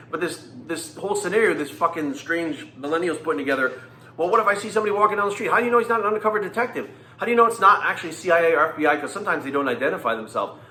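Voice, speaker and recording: A man in his forties rants bluntly and angrily, swearing constantly and hammering his points home by repeating them. His voice sits high and sounds sharp and forceful. The sound carries a roomy echo. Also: a little hiss or hum. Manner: blunt, angry and profane, repeating himself for emphasis. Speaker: fitness coach and vlogger. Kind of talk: profane ranting monologue.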